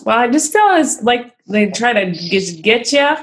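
Slow, sympathetic woman podcast co-host. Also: a little high, lively intonation. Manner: sympathetic, gives short agreeing replies. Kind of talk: casual chat.

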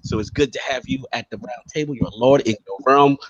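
A man's voice: mid-range voice, fast talker, dull audio, background noise. A man hosting a casual gaming podcast, introducing guests with playful hype-style nicknames. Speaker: podcast host.

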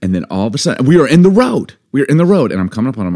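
A man co-hosting a podcast in casual chat, an animated storyteller who acts out his own reactions, on a studio mic. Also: mid-range voice, fairly quick. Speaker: podcast co-host.

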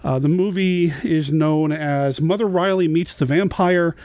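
A man's voice: on the high side, measured pace, darkish tone, dry recording. A man hosting a podcast, talking in a friendly, upbeat way. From United States. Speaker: podcast host. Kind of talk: casual chat.

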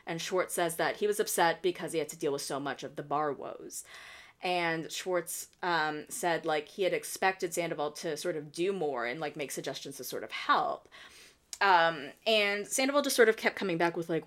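A woman's voice: fairly low pitch, expressive, a little fast, a bit bright. A woman hosting a podcast, recapping a reality show in casual, opinionated chat with many "like" fillers. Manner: opinionated, chatty, heavy use of "like". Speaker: podcast host.

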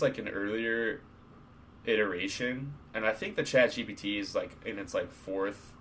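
A man's voice: fairly low pitch, a bit bright, slight background noise. A man co-hosting a casual podcast chat, laid-back and swearing freely as he retells stories. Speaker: podcast co-host.

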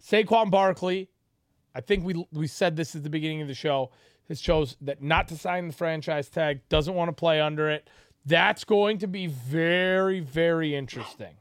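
A man co-hosting a casual sports podcast, analytical and measured, with a teasing streak toward his co-host. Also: on the high side, clean tone, dry recording, clean studio sound.

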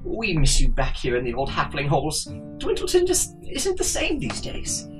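A man's voice: a little high, wildly swooping pitch, moderate pace, distant mic, over music, poor audio. A man voicing a loving, worried halfling father writing to his grown daughter. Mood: fond.

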